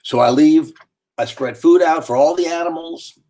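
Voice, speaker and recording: A man telling a dramatic first-person story with lively delivery and sudden swings in tone. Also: a little high, normal speed.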